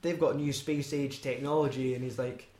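A man's voice: mid-range voice, steady tone, moderate pace, a little mellow, roomy sound. Sweary Scottish man, rambling film chat. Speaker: podcast co-host.

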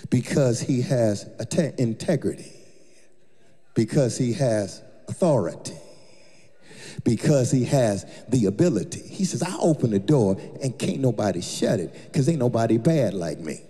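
A man's voice: mid-range voice, lively intonation, moderate pace, warm tone. A male pastor preaching a rousing sermon in a church, chanting and hollering with call-and-response. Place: church sanctuary. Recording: long church reverb with music behind.

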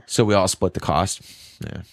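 A young man telling a concert story in casual chat, excitable and swearing, with loud quoted outbursts. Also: low voice, moderate pace, dry recording.

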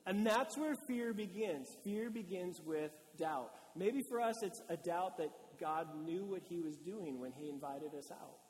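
A male pastor gives a casual, lively sermon and slips into short acted-out quotes. His voice sits high for a man. The sound carries a long reverb, as in a large church hall. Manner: conversational and animated, acting out quotes.

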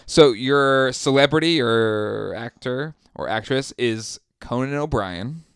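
A man's voice: mid-range voice, slow pace, gravelly, clear, resonant tone, no echo, studio quality. A man co-hosting a podcast in casual chat, rambling with lots of fillers and frequent laughter. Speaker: podcast co-host.

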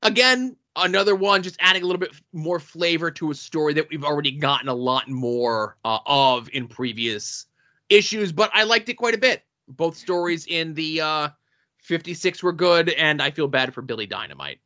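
A man co-hosting a podcast, giving brisk, offhand commentary on comic issues in casual chat. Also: on the high side, animated, bright, forceful tone, dull audio. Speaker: comic book podcast co-host.

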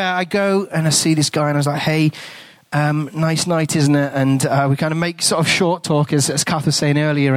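A man's voice: on the high side, dry recording. A man, a priest and guest speaker, telling a story in a sermon and acting out the conversations in it. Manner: animated storytelling, acts out dialogue, hushed in tender moments.

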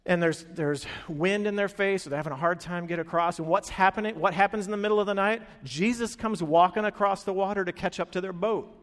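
Male preacher, slightly high voice, lively storyteller who acts out quotes, long hall reverb. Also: a little fast, hardly any pauses. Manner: animated storytelling, acting out quoted lines. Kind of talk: sermon.

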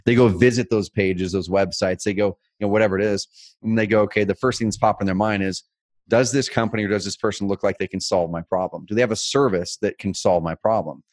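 A man co-hosting a casual business chat, telling stories with lively energy. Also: fairly low pitch, dry recording. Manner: energetic, fast, animated storytelling. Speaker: co-host.

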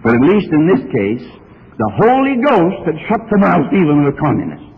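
A man's voice: on the high side, wildly swooping pitch, moderate pace, vocal fry, breathy edge. A middle-aged male preacher telling a story in a church sermon, earnest and growing more fervent as he goes. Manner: earnest storytelling with rising fervor. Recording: archival sermon, phone-like and reverberant.

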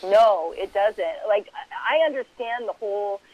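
A middle-aged woman, an author being interviewed, telling lively stories about raising her kids and acting out her own past reactions. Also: medium pitch, a little slow. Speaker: author and guest. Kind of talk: conversational interview storytelling. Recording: muffled lo-fi phone-like line.

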